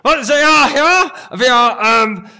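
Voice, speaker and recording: A man improvising an impression of a ranting male dictator, barking a loud, stumbling tirade. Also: very high-pitched, lively intonation, measured pace, voice pushed up, full character voice.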